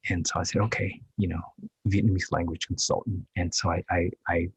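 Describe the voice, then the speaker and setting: Male guest actor in his fifties, low raspy voice, candid and hesitant storytelling. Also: flat delivery, dry recording. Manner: halting and reflective, with many restarts.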